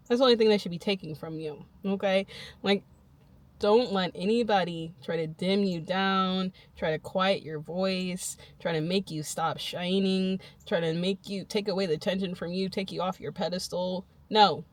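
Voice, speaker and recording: A woman's voice: fairly low pitch, fairly even intonation, moderate pace. A young woman vlogging to her channel, giving emphatic, repetitive pep talk and often laughing. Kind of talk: motivational self-talk to camera.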